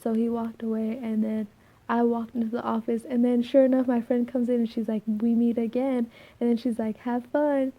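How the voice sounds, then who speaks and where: A soft-spoken young woman with a slightly scratchy voice, rambling through a casual vlog with many fillers and restarts. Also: fairly high pitch, level tone, moderate pace. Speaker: vlogger.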